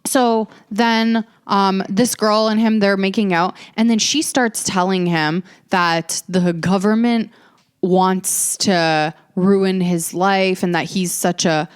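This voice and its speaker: A woman's voice: medium pitch, fairly even intonation, slow, clean tone. A woman in her early twenties hosting a podcast, telling stories in a sassy, ranting, profane way. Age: early 20s. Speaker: podcast host. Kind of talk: casual storytelling chat.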